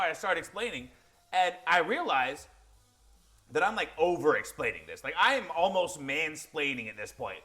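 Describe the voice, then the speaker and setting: A man co-hosting a podcast, telling a long anecdote in a casual, animated way and acting out the quotes. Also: fairly high pitch, moderate pace, faint music behind. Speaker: podcast co-host. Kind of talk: casual storytelling.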